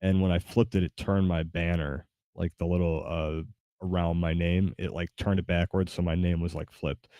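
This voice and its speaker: A man's voice: sits low, flat delivery, moderate pace, dark tone, dry recording. A man streaming a game, chatting casually in a rambling, hesitant way with many fillers. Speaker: gaming streamer. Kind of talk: casual live-stream chat. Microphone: desk mic with webcam.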